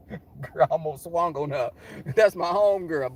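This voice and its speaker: A man's voice: a little slow, long pauses. A middle-aged man telling a story casually and animatedly, sassy and profane. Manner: animated, sassy, profane, jumps into high voices for quotes.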